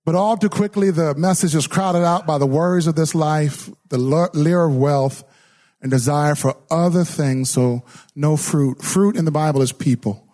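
At a normal pace and a pitch on the high side, a middle-aged man preaches with animation. His sermon centers on a story whose voices he acts out, and his speech is full of repeats and restarts.

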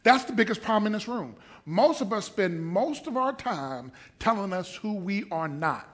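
High-voiced man preaching with rising shouts. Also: animated, normal speed. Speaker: pastor. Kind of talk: sermon. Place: church.

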